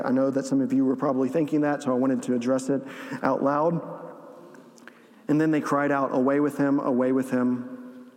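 A man preaching a sermon as pastor, animated, acting out the lines he quotes. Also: medium pitch. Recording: long reverb of a large hall.

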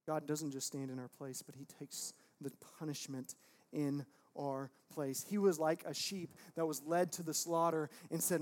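A man in his thirties preaching a sermon in a church, dropping to quiet, intimate tones and then breaking into loud, emphatic outbursts. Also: a little high, fairly even intonation, unhurried. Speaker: pastor.

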